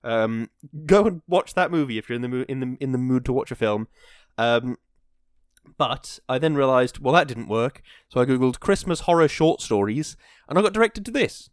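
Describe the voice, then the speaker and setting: A young man talks into a dry, close podcast mic in a rambling, self-deprecating way, with sudden bursts of excitement. His voice sits at an ordinary middle pitch. He then settles into reading a story aloud. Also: moderate pace, dry recording. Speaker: podcast host.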